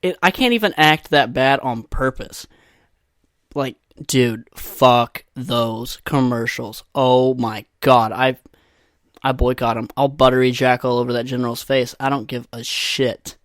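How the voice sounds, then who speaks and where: This young male podcast host has a medium-pitched voice, talks a little slowly, and is recorded in a dry studio. Alone on the mic, he rants comically and with exasperation, swearing freely and putting on mocking voices.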